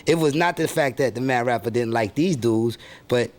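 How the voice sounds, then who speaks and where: A man with a New York accent voicing a bitter, boastful male rapper persona who curses and brags loudly. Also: mid-range voice, moderate pace, natural voice. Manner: brash, cursing, boastful.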